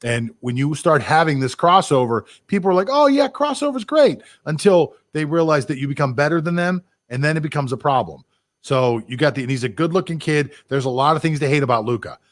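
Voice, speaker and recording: A man's voice: mid-range voice, fairly quick, fairly bright tone, dry recording, studio quality. A man co-hosting a sports podcast, talking bluntly and jumping from one strong opinion to the next. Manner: blunt, opinionated, jumps between thoughts. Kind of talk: casual sports chat.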